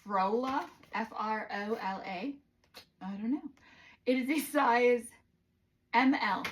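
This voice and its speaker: A young adult woman from the United States chatting casually in a vlog, sassy and animated, dropping into whispers for asides. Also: on the high side, poor audio. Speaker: vlogger doing product try-ons.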